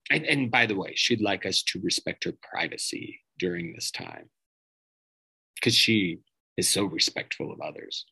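A man's voice: low-pitched, expressive, moderate pace, creaky, bright, forceful tone, husky, rough recording. A man hosting a podcast, delivering a profane, sarcastic political rant and mocking his targets. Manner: sarcastic, mocking, swears freely. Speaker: podcast host.

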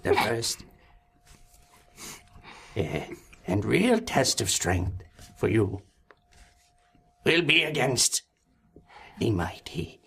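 A game master voicing a self-important, eccentric male taskmaster who speaks slowly and theatrically in a table game. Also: mid-range voice, very animated, gravelly, a bit bright, slightly rough, pitched below the performer's own voice, heavily acted. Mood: ominous. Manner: slow, drawn-out, self-important.

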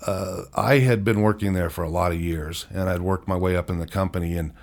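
A middle-aged man speaks in a deep, low register. He is an interview guest telling a hard personal story frankly. He pauses and restarts often and lets out wry chuckles. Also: steady tone. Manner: frank, halting, chuckles wryly through hard memories.

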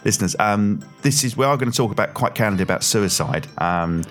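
A man's voice: on the low side, quick pace, faint music behind. A man hosting a podcast, chatting casually and getting defensive with his friends. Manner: animated, defensive, self-mocking. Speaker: podcast host. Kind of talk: casual banter.

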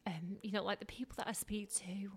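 A woman's voice: mid-range voice, steady tone, brisk, slightly rough. Northern english woman chatting on a podcast, candid, lots of "like". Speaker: guest, radio broadcaster. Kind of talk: casual interview chat.

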